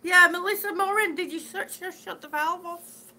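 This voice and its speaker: A woman's voice: extremely high pitch, fairly even intonation, normal speed, sharp tone, slight background noise. A woman chatting on a live stream, reading out viewer comments in an affectionate, chatty way and calling people sweetie. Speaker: vlogger reading live chat. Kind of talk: casual live-stream chat.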